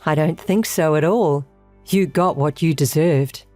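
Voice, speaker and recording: A woman's voice: sits low, measured pace, a little mellow, no echo, soft background music. A woman voicing a cool, sarcastic adult woman who was wronged, in a texting-story voice-over. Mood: cold sarcastic. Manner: sarcastic, unbothered.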